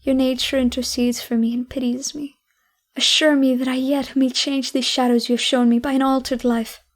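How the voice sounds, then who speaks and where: A woman's voice: high voice, little pitch movement, moderate pace, natural voice. A woman voicing an overjoyed, repentant old miser in an audiobook, talking in fervent, breathless exclamations. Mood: pleading. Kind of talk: audiobook character reading.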